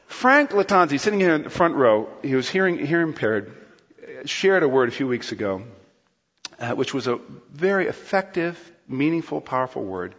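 A male pastor preaching a sermon in a large church hall, lively and playful, often acting out quotes. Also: fairly high pitch, brisk. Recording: long hall reverb, dull sound.

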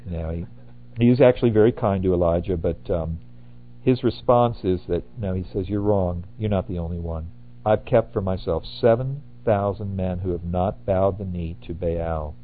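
An older man preaching a sermon in a relaxed, rambling way, correcting himself and adding asides. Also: low-pitched, slight background noise. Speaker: pastor. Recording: tinny phone-like audio.

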